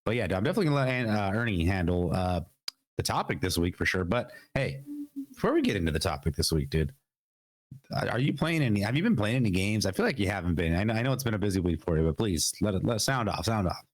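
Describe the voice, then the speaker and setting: Young male podcast host, low pitch, under the weather with a cough, loose rambling chat. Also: big pitch swings, fast talker, no echo. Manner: rambling, repeats words, laughs often. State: sick with a cough. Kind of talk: casual gaming podcast chat. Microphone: podcast mic.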